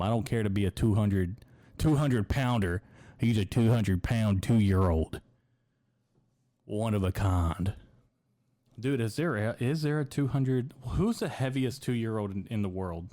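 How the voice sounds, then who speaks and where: A young American man with a lowish voice rambles through a comedic podcast monologue. He is crude and profane and keeps dropping dude and bro. The sound is dry and close, with no room around him. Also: mellow, no room sound. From United States. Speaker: podcast host.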